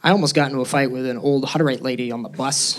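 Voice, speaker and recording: A young man performing stand-up comedy on a club stage, nervous and self-deprecating, jumping into squeaky tones for punchlines. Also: steady tone, very fast. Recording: live crowd laughing. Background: audience laughter.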